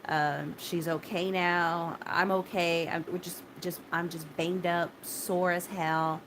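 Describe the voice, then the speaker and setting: A woman with a somewhat low voice talks straight to her viewers, shaken but steadying herself. She restarts her sentences often and swears bluntly. A faint hiss sits behind her. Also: little pitch movement. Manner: halting and repetitive, many restarts and fillers, blunt swearing. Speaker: vlogger recounting a personal ordeal. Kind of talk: casual spoken personal story.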